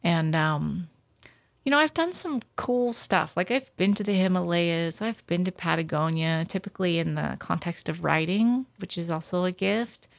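This woman talks in a low, gravelly voice with a lot of vocal fry. She tells her adventure stories in a lively, self-deprecating way and is recorded dry and close. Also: moderate pace, no room sound. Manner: lively storyteller, self-deprecating, laughs often. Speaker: guest, outdoor adventure writer. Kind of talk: casual interview chat.

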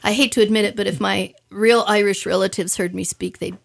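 A woman's voice: medium pitch, fairly quick, vocal fry. A middle-aged woman chatting as a guest, telling stories and acting out quoted voices. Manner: animated storyteller, acts out quoted voices. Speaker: guest, stage performer. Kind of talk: casual radio chat.

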